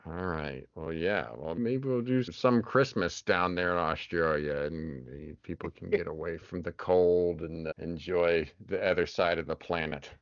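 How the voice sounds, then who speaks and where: A man from the United States hosting a podcast interview, friendly and quick to laugh. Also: low voice, no echo, muffled recording. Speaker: podcast host. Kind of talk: casual interview chat.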